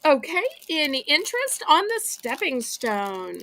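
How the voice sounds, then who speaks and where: A woman's voice: high-pitched, big pitch swings, unhurried, a bit bright. A woman hosting a live online auction, with chatty, folksy sales patter and a voice she says is wearing out. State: losing her voice. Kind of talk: live-stream selling chat.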